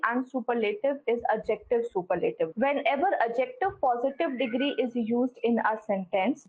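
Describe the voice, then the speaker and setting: A high-voiced woman teaches a live online grammar class. She explains each rule step by step, repeats it, and keeps checking that the students follow. The sound is thin and tinny, as if heard down a phone line. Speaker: online exam-prep English teacher.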